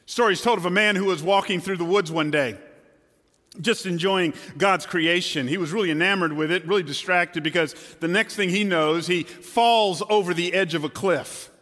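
Bright-voiced male pastor preaching. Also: high-pitched, normal speed, in a large hall. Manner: dramatic, moves from loud to hushed. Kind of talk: sermon. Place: church hall with a stage.

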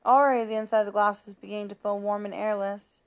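A woman's voice: medium pitch, quick pace, clear, resonant tone, dull audio. Woman reading a children's book aloud. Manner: steady, plain narration with small slips. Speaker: reader.

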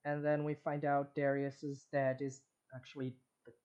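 A man co-hosting a podcast in casual chat, slowly recapping an episode. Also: mid-range voice, completely flat delivery, darkish tone, highs cut off. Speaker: podcast co-host.

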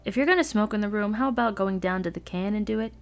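A woman's voice: mid-range voice, fast, faint music behind, lightly acted. A woman reading aloud and voicing an arrogant, irritable teenage boy roommate with sneering, exasperated outbursts. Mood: dismissive.

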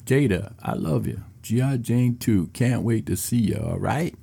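A man's voice: mid-range voice, animated, a little slow, vocal fry, mellow, breathy edge, pitched above the performer's own voice, heavily acted. A man imitating a famous male comedian who teases from a stage in a playful way. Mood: teasing.

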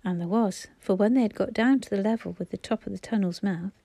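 Woman narrator, measured audiobook reading, warm tone. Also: mid-range voice, gravelly, dry recording. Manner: steady, measured storytelling.

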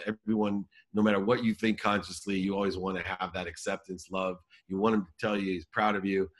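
Earnest low-voiced man telling a story. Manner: earnest, emphatic storytelling, slowing for key lines. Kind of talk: personal story told in conversation.

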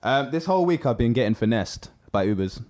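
Lively young man telling stories. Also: mid-range voice, fairly quick. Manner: animated storyteller, many fillers. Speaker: podcast co-host. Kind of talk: casual chat.

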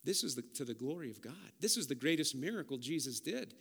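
Bright-voiced impassioned male preacher. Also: fairly high pitch, expressive, fast talker, vocal fry, slightly rough. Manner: impassioned, rising to loud peaks, then soft and prayerful. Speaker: pastor. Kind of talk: sermon with altar call. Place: church sanctuary with long reverb. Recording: reverberant church hall.

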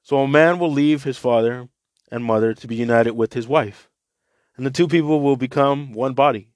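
A man's voice: medium pitch, normal speed, no room sound, lightly acted. A man reading the words of the first man from a Bible. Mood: wondering. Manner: reads the lines plainly from a Bible. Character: first man, amazed by his new wife.

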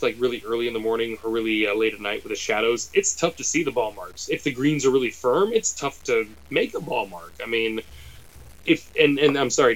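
A man's voice: mid-range voice, low-quality recording. A middle-aged man hosting a golf podcast, talking casually in long rambling asides and jokes. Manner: rambling, self-correcting, joking. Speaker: podcast host and caddie.

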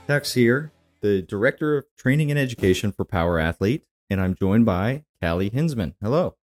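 A man's voice: lowish voice, animated, moderate pace, soft background music. A man hosting a podcast, talking in an easygoing, casual way. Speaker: podcast host. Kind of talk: casual chat.

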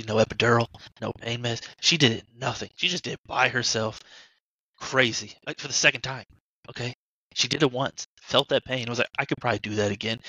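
A man's voice: medium pitch, pushed and bright, husky, no echo, poor audio. A young man telling a casual, swear-laced story about his family on a podcast. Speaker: podcast co-host. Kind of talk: casual chat.

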